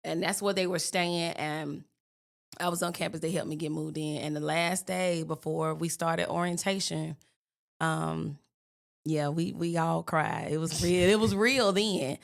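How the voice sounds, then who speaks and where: Animated woman with a mild Southern accent. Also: sits low, gravelly. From Birmingham, Alabama. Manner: animated storyteller, lively and quick to laugh. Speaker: podcast guest. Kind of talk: casual interview chat.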